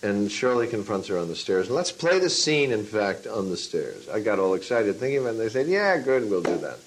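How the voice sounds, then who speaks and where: A man, a film and stage director, answering an interview question as a lively storyteller who acts out his own past lines. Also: lowish voice, a little fast, a little hiss or hum, low-quality recording. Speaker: teacher of a class.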